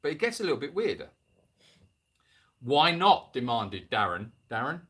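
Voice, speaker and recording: A man reading a spooky story to a livestream audience, pausing again and again to mock it with dry, jokey asides. His voice is husky yet bright, with a lively, swooping pitch. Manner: jokey, interrupts the reading with sarcastic comments.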